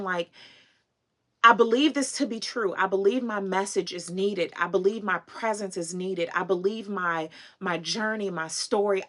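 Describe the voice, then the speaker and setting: A woman's voice: mid-range voice, fairly bright tone. A woman vlogger telling a heartfelt story on a livestream, earnest and emotional, breaking into laughs and chatting with viewers. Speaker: fashion and consignment vlogger.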